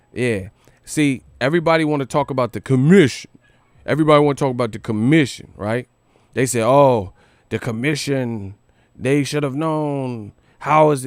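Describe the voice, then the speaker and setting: A man's voice: medium pitch, no echo. A man hosting a live boxing commentary stream, talking loosely with profane street slang and lots of repeats. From United States.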